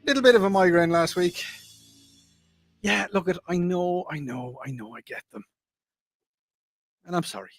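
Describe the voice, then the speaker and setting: A man's voice: sits high, normal speed, long pauses, soft background music. A man hosting a radio talk show in a casual, rambling way, repeating himself and apologizing as he chats into a studio mic.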